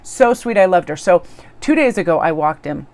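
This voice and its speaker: A woman's voice: fairly low pitch, animated, moderate pace, darkish tone. A woman tarot reader chatting casually to her viewers in a bubbly, gushing way. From Korean heritage, living in New England.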